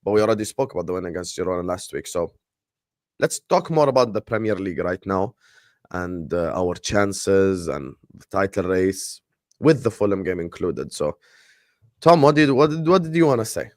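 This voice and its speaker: A man hosting a casual live football chat stream, giving loud shout-outs to his viewers. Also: low voice, animated, moderate pace, dry recording, studio quality. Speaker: host.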